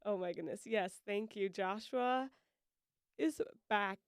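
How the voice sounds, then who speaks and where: A woman's voice: mid-range voice, takes it slowly, smooth, no echo, clean studio sound. A woman co-hosting a casual faith podcast, thinking aloud, trailing off and laughing often. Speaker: podcast co-host.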